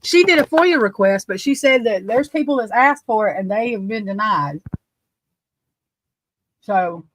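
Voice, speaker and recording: A woman's voice: medium pitch, expressive, a little slow, pauses often, slight background noise. A woman casually commenting on a crime case, blunt and exasperated, swearing freely.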